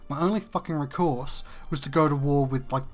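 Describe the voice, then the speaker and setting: A man's voice: fairly high pitch, brisk, soft background music. A man, hosting a casual gameplay rant that is frustrated, profane and rambling. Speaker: gaming video host.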